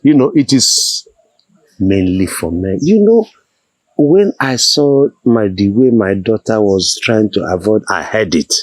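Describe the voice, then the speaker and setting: A fawning Nigerian in-law. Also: male voice, fairly low pitch, a little slow, dry recording, rough recording. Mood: deferential. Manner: deferential and flattering, chuckling nervously. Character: fawning, apologetic middle-aged in-law. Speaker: king's in-law.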